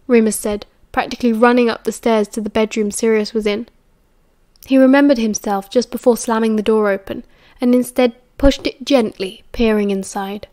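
A woman with a British accent reading an audiobook in an even, measured way. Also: a little high. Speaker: audiobook reader. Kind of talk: audiobook narration.

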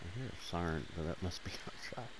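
A man giving rambling, joking commentary over his gameplay, swearing often and jumping between loud bursts and mumbled asides, wired on caffeine. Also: low voice, lively intonation, fairly quick, noisy background.

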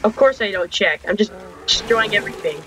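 A man's voice: high-pitched, expressive, a little fast, noisy background. A young man commenting on his gameplay, frustrated and complaining, with frequent mild swearing. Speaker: gaming channel host. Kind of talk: game commentary.

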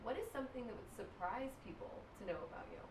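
A woman's voice: fairly high pitch, lively intonation, quick pace. A woman hosting an interview show, talking in long reflective thoughts. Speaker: interview host. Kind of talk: casual interview chat. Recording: roomy, distant mic with clear noise.

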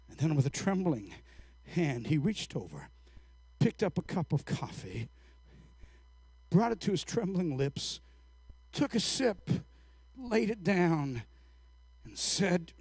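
A man preaching a sermon, telling a story in halting, drawn-out phrases and rising to fervent shouts. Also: a little high, big pitch swings, slightly rough, no echo.

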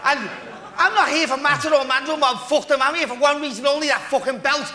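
A man battle rapping live, brash and shouting. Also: very high voice, fast talker. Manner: shouted, brash, keeps yelling "listen". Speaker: battle rapper. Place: event hall with crowd. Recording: echoey venue, loud crowd.

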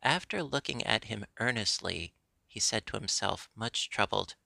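Gravelly bright storybook narrator, a man. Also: fairly low pitch, lively intonation, moderate pace, no room sound. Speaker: audiobook narrator.

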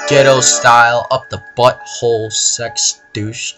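A young man giving profane, frustrated let's play commentary, ranting and now and then bursting into yells. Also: lowish voice, unhurried, music in the background. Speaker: gamer.

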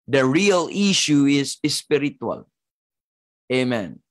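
A man's voice: mid-range voice, animated, slow pace. A man with a Filipino accent preaching a sermon as pastor, emphatic and repetitive, breaking up his points with "Amen.".

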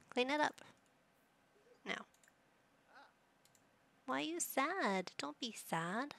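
A woman's voice: high-pitched, expressive, very slow, vocal fry, long pauses, fairly bright tone. A woman giving casual commentary while playing a life-simulation game, chatting to the characters and reading options aloud. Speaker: gaming YouTuber.

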